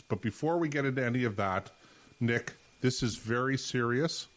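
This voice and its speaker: A man's voice: medium pitch, normal speed, fairly bright tone. A man hosting a podcast who sets out the topics and teases his co-host in casual chat. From Canada. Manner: leads the talk, sets out topics, dry teasing.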